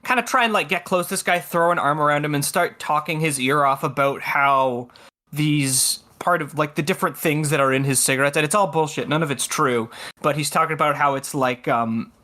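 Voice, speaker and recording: A man's voice: a little high, brisk, bright, forceful tone. A man playing a tabletop game, casually explaining what his character does with lots of fillers. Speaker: player.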